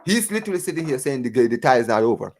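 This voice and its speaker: A man's voice: medium pitch, racing. A man hosting a live football reaction stream, ranting in a sarcastic, repetitive way. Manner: animated, ranting and sarcastic, repeats words and says "bro". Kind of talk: live fan reaction chat.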